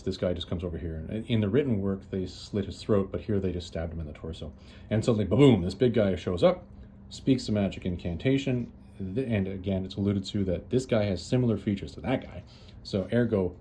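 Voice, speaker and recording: A man's voice: sits low, mellow, slight background noise. A man casually retelling a story as a host, chatty and loose, with lots of "uh"s and restarts. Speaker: comics reviewer, host.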